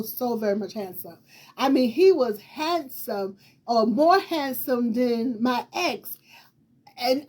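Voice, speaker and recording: A high-voiced woman host, telling her own story in a casual, lively way. She has a distinctive voice and keeps repeating herself and acting out what people said. Her talk wanders and loops back. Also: husky. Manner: animated, repetitive retelling with quoted dialogue and laughter.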